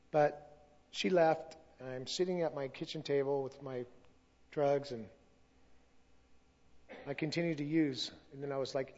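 A man's voice: medium pitch, darkish tone, muffled recording. A middle-aged man giving a personal testimony at a church service, earnest and emotional, sometimes losing his place.

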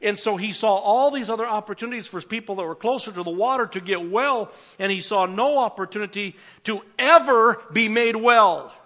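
An older man preaching a sermon as pastor, swinging between emphatic calls and quiet asides. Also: high voice, moderate pace, few pauses, muffled recording.

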